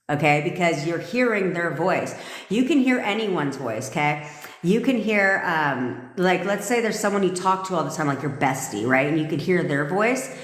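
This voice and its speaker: Brief: a lower-voiced woman coach, blunt and profane, streaming live from a reverberant room. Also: expressive, normal speed. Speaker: manifestation coach. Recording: echoey room with long reverb.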